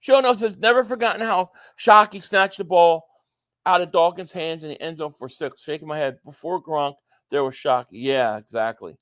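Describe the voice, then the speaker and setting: Male stream host, high voice, dry close mic, chatty, reads out viewer comments. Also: moderate pace, fairly bright tone, no echo. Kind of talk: casual live stream chat.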